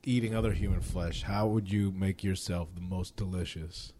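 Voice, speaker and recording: A man's voice: low-pitched, fairly even intonation, moderate pace, dark tone, slight background noise. A man co-hosting a casual podcast, joking and rambling, laughing often. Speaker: podcast co-host.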